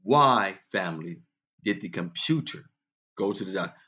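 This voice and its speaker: Here a male radio host with lively intonation and a sharp tone speaks at a moderate pace. Casual and direct with listeners, he tells dad jokes and laughs at his own punchlines, pitching quoted voices much higher.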